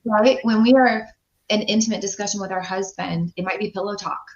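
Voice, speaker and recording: A woman's voice: medium pitch, fairly even intonation, brisk. A woman who works as a life and business coach, speaking as a guest in a podcast interview in a reflective, thoughtful way. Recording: echoey, muffled remote audio.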